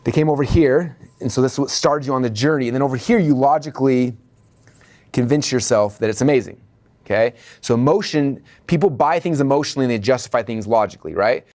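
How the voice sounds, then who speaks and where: A man's voice: mid-range voice, fast talker, darkish tone. A man coaching a business training lesson with energy, checking in with "okay?" and "right?" and acting out the dialogue in his stories.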